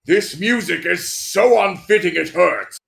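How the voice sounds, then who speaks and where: A man's voice: sits high, creaky, a bit bright. A man co-hosting a movie-riffing stream, chatty and full of trivia. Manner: chatty, knowing, quick to add trivia. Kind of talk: casual movie-riffing chat.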